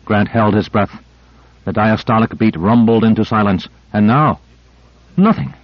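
A man reading an audiobook in a steady, measured narration. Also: lowish voice, no room sound, muffled recording. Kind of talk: scripted narration.

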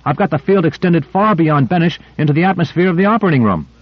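A man doing an excitable, boyish scientist. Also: fairly high pitch, no echo, voice pushed up, close to an everyday voice. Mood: excited. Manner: eager, quick, boyish excitement. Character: excitable male scientist running the air supply. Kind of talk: audiobook character reading. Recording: dry, slightly dull lo-fi.

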